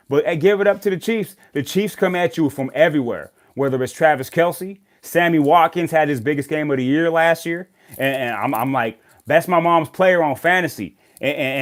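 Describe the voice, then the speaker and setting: A man hosting a sports show, talking casually and animatedly about football games and ranting loudly when worked up. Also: on the high side. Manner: animated, rants and gets loud when worked up. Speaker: sports podcast host.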